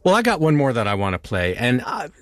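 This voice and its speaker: A man's voice: wildly swooping pitch, fast talker, a bit bright, no echo. A man hosting a radio music show, chatting enthusiastically and casually about songs with a guest. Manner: enthusiastic, conversational, shifting pitch. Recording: dry studio sound.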